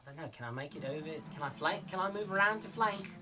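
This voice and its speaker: A woman's voice: low-pitched, expressive, quick pace, a crowd in the background. Unsure woman asking rules questions. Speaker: player. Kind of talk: tabletop game play.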